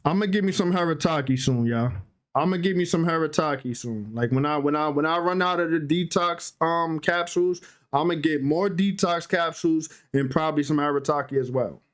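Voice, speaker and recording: A man's voice: fairly high pitch, a little fast. A young man on a podcast telling a story in a loose, slangy way, repeating filler phrases as he goes. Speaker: podcast co-host. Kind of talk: casual storytelling.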